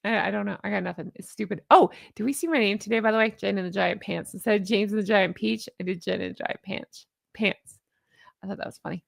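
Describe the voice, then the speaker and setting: A woman's voice: medium pitch, fast, gravelly, dry recording, clean studio sound. A woman in her forties giving casual commentary as a vlogger, sarcastic and exasperated, often laughing. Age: 40s.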